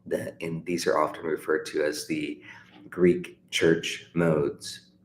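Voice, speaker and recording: A man's voice: rumbling low, little pitch movement, slow pace. A middle-aged man teaching a livestream guitar lesson, chatty and encouraging, with many fillers and restarts. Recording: echoey room with faint noise.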